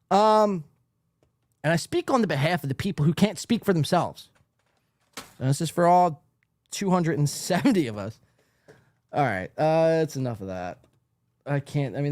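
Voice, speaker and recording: A man's voice: on the high side, no echo. A man hosting a podcast, ranting in a profane, mock-outraged monologue into a studio mic. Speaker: podcast host.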